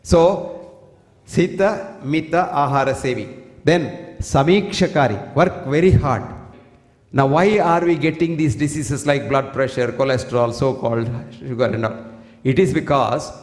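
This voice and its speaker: A man's voice: medium pitch, unhurried. An older man giving a public health lecture, asking the audience rhetorical questions and quoting Sanskrit verses. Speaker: speaker giving a health talk. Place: hall with one fixed mic. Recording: echoey hall with long reverb.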